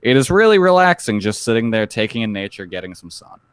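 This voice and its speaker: Male podcast co-host, lowish voice, relaxed list reading, dry sound. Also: fast, clear, resonant tone, no room sound. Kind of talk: casual chat.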